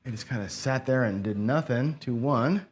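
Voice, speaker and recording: A man's voice: medium pitch, normal speed, noisy background. A man casually narrating his own craps game, counting chips and muttering frustrated asides to himself. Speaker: craps channel host. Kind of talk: casual play-by-play while gambling.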